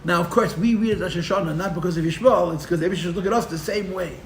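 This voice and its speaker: A man teaching a live Torah class as a rabbi, telling the story with animated, sarcastic humor and mixing in Hebrew and Yiddish terms. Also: sits high, rapid-fire, roomy sound, a little hiss or hum. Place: room for a live-streamed class.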